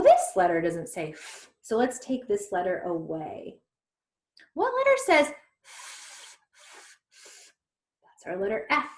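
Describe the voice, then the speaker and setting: A woman teaching a recorded phonics lesson to young children, patiently sounding out each letter one at a time. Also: mid-range voice. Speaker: reading intervention teacher. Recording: echoey room.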